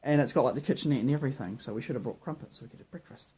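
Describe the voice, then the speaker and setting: A man's voice: medium pitch, rapid-fire, dark tone, slightly rough. A young man with a New Zealand accent, chatting casually and rambling in a travel vlog. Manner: chatty and rambling, with frequent fillers. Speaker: vlogger.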